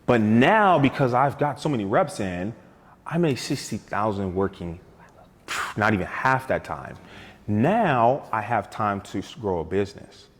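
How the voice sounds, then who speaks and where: Lively sales coach man in a reverberant room. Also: lowish voice, unhurried. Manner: energetic, storytelling, acts out sales dialogues. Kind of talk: animated talk show conversation.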